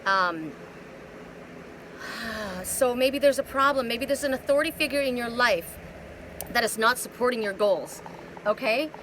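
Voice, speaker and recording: A woman's voice: on the high side, unhurried, long pauses, a bit bright, a little hiss or hum, low-quality recording. Rambling woman giving a card reading. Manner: rambling, repeats words, many rhetorical questions. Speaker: oracle card reader. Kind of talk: live spiritual card reading. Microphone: phone.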